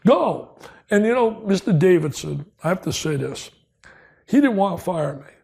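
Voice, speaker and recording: An older man from New Jersey, telling stories as a guest in an interview, excitable and emphatic, repeating lines for punch. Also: high voice, normal speed, gravelly, breathy edge. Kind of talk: storytelling interview.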